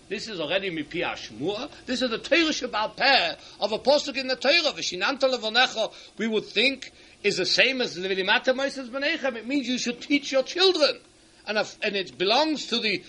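A man giving a Torah lecture to teachers. He reads Hebrew sources in quick bursts and then explains each one in English. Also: sits high, bright, forceful tone. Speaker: rabbi speaking to teachers. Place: hall at an event.

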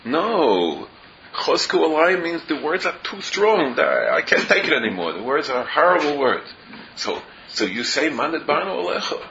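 With a slightly high, gravelly, pushed, and bright voice that swings widely in pitch, a man leads a Torah class at a measured pace. He works through verses with frequent rhetorical questions, dropping Hebrew and Yiddish terms into his English, on a dull lo-fi recording with faint noise.

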